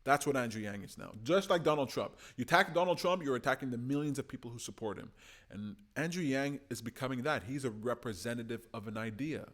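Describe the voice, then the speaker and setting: A man speaking straight to his listeners in a rallying monologue. His voice sits in an ordinary middle pitch, and he pushes his points hard. It rises when he presses and drops low and soft when he turns serious. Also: quick pace. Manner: urgent, exhorting, swings from loud to hushed. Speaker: political commentary host. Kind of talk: impassioned monologue to supporters.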